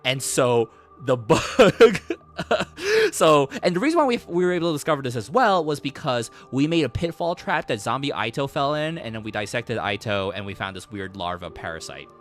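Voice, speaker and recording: A male streamer tells a long game story in a casual, rambling way, full of fillers, restarts and cursing. His pitch sits in an ordinary middle range but swings widely as he talks. Faint music plays behind him. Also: big pitch swings, moderate pace.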